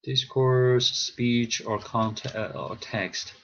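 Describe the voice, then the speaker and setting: A man whose first language is Chinese, teaching a class over a video call and explaining slowly with frequent pauses and fillers. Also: mid-range voice, gravelly, fairly bright tone, muffled recording, a little hiss or hum. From China. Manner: slow, hesitant, thinking aloud with fillers. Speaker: instructor.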